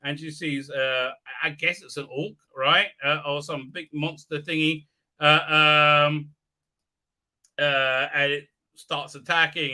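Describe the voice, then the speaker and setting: A man with a high voice and a very bright, sharp tone hosts a casual live stream. He recaps an episode with mocking sarcasm and crude language, and his talk is full of hesitant "uh"s. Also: fairly even intonation, slow pace. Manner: sarcastic, profane, many hesitant fillers.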